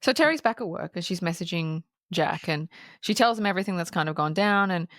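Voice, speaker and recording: A woman's voice: lowish voice, brisk, no echo, clean studio sound. Casual woman recapping a film. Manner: animated, swears freely, acts out the characters' lines. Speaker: podcast co-host.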